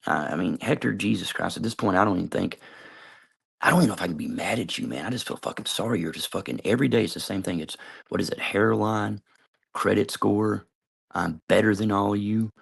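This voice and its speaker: Cursing vlogger ranting about people by name; deep voice, rough with heavy vocal fry, rambly delivery. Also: male voice, fast, fairly bright tone. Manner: swears constantly, calls out people by name; trails off, hedges with "I don't know". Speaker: video commentator. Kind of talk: rambling profane rant to camera.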